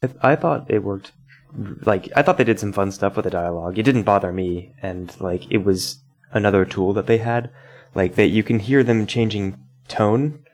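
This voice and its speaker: A man in a casual game discussion, talking in a steady, upbeat way. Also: lowish voice, normal speed. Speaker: podcast panelist.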